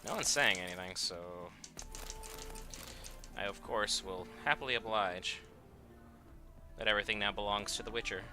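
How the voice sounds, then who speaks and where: A man's voice: fairly low pitch, normal speed, pauses often, over music. A man streaming a game, chatting casually and wryly to his chat as he plays. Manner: chatty, wry, talks to chat. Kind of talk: casual gameplay commentary.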